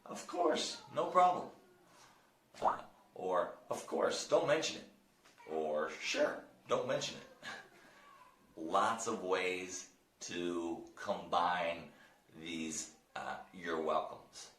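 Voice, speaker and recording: An American man teaching English, explaining phrases and modeling them slowly for learners. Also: sits low, a bit bright. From United States. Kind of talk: language lesson. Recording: roomy echo.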